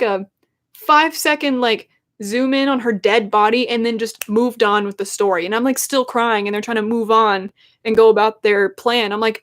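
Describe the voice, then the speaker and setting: A woman's voice: on the high side, steady tone, moderate pace, fairly bright tone. A young adult woman who is a YouTuber, chatting casually and emotionally on a live stream in a rambling way. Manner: emotional, rambling fan talk.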